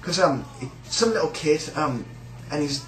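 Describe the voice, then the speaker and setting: A man's voice: fairly high pitch, expressive, normal speed, a bit bright, reverberant, faint music behind, low-quality recording. A man with a British accent ranting in a sneering, rambling, sweary way about a coworker. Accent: British English. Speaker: shop worker. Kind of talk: casual rant.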